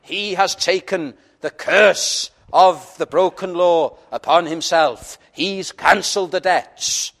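Slow, earnest male preacher. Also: high-pitched. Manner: earnest, pleading, pauses and drops to a quiet intimate tone. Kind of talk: sermon.

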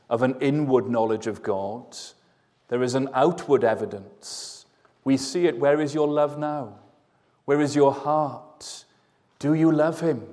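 A man preaching a slow, earnest evening sermon with a mellow, dark tone. His voice carries a long church reverb. He asks his listeners questions as he goes. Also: medium pitch.

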